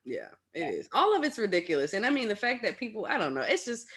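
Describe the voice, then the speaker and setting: A woman guest on a casual podcast chat, expressive and blunt, laughing often. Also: medium pitch, fast, breathy edge.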